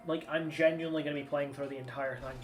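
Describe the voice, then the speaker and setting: A man's voice: a little high, fairly even intonation, fast talker. A man, giving casual, rambling gameplay commentary and swearing freely. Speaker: streamer. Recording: slightly distant mic with game music.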